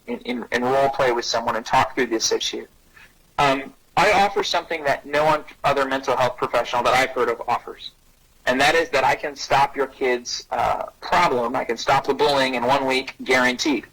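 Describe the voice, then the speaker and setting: A man giving an energetic parenting talk on bullying who acts out short dialogues in a raised voice. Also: husky, low-quality recording. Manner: energetic, acts out little dialogues with rising pitch. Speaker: anti-bullying speaker and parenting coach.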